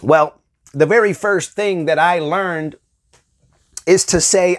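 Man with a slightly high voice, casual devotional teacher who acts out little scenes. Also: slow, a little hiss or hum. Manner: animated, acts out everyday dialogue with light laughter. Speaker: Bible teacher.

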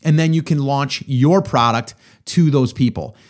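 A man's voice: medium pitch, a little slow, a little mellow. A man hosting a podcast, answering a listener question in a conversational coaching way, often checking in with "right?". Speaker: podcast host. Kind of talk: casual advice answering a listener.

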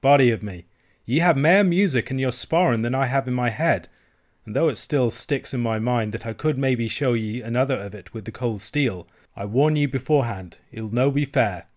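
A hot-tempered Highland swordsman, proud and quick to take offence, as a male audiobook reader puts him on. His lines rise slightly above the narrating voice, with pointed emphasis. It sounds like a storybook character. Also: natural voice. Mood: admiring.

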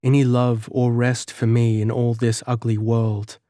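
A man's voice: medium pitch, little pitch movement, measured pace, no room sound, studio quality, natural voice. A man voicing a sorrowful young village girl. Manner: soft, earnest and wistful delivery. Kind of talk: audiobook character reading.

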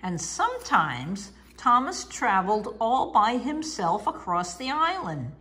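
Taking her time, a woman with a medium-pitched voice reads aloud from a children's picture book. She sounds lively and expressive, her sing-song tone climbing and dipping as the tale unfolds.

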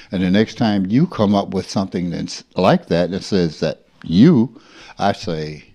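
An older man in his seventies from rural Mississippi speaks as a spiritual teacher, earnest and reflective. His voice sits low but swings widely in pitch, and he takes his time, sometimes sinking to a near-hush. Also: animated, unhurried, lo-fi sound. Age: 70s. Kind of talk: unscripted spiritual talk.

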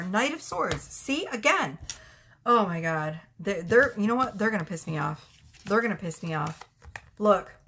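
A woman's voice: medium pitch, a bit bright, slight background noise. Blunt, profane woman reading tarot. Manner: blunt, profane and chatty, often breaking into laughter. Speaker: tarot reader.

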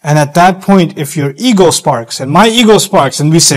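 A middle-aged man giving a sermon-style lecture, animated, acting out quoted voices as he teaches. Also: a little high, moderate pace, few pauses, low-quality recording. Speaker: Islamic speaker.

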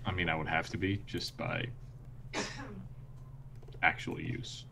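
Very deep, slow, deadpan man. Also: gravelly, background noise. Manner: deadpan joking. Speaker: player. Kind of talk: casual chat. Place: online video call.

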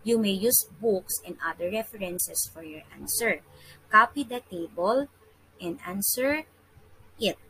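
Bright-voiced Filipino woman reading a lesson. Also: mid-range voice, husky, poor audio. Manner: careful, measured reading with slips and restarts. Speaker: teacher. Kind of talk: reading a science lesson aloud.

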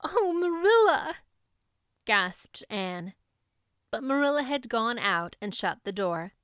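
A woman reading an audiobook in an even, measured storytelling manner. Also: medium pitch, clean tone, dry recording, clean studio sound. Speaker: audiobook narrator. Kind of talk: scripted audiobook narration.

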